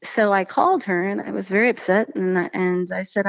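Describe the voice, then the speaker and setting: A woman's voice: mid-range voice, fairly quick, creaky, few pauses, dry recording, lo-fi sound. A woman, probably in her thirties, telling her personal story in casual conversation and acting out the voices of the people she quotes. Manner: animated storytelling, acts out quoted speech.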